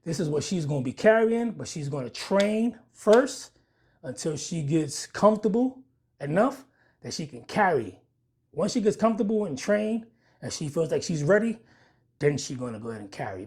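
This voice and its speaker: A man reviewing a handgun in a rambling, jokey casual vlog, talking straight to his viewers with a husky voice. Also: on the high side, a little mellow.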